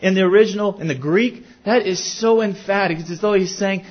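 In a church sanctuary, a pastor whose voice sits fairly high delivers an earnest sermon, constantly posing questions to his listeners. He talks fairly quickly with few pauses, and the audio is lo-fi and dull.

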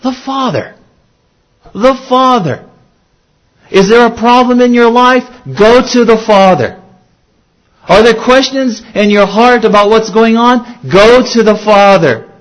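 A man's voice: sits high, unhurried, lo-fi sound. A man preaching a sermon as pastor, earnest, asking his listeners questions and repeating key phrases for emphasis.

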